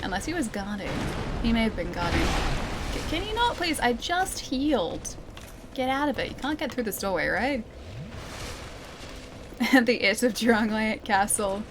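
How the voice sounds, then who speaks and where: A woman's voice: on the high side, very animated, moderate pace, pauses often, background noise. A young Australian woman streaming a game, chatting and giggling to her chat as she plays. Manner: chatty, giggly, talks to chat while playing. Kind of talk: let's play commentary.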